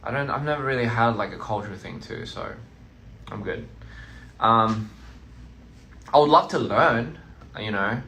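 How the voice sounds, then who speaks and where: A man's voice: lowish voice, measured pace, pauses often, pushed and bright, a little hiss or hum. A man chatting casually on a phone live stream, playful and teasing, as a touring artist talking to his fans.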